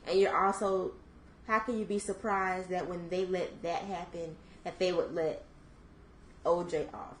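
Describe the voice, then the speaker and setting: A young woman in her twenties co-hosting a podcast, thinking out loud in casual chat with lots of fillers. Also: lowish voice, fairly even intonation, unhurried, roomy sound, slight background noise, rough recording. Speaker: podcast co-host.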